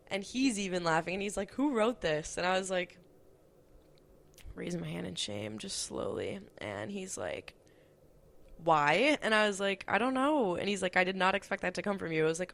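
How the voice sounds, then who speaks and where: Chatty young woman podcast host. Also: fairly low pitch. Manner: chatty, profane, lots of "like". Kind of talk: casual storytelling monologue.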